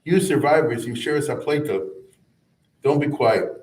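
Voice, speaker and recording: Rabbi lecturing in an echoey room. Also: male voice, medium pitch, normal speed, a little mellow. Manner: conversational, chanting Hebrew verses then translating, many asides. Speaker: rabbi teaching a class. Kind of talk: informal explanatory lecture. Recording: echoey room, mic at a distance.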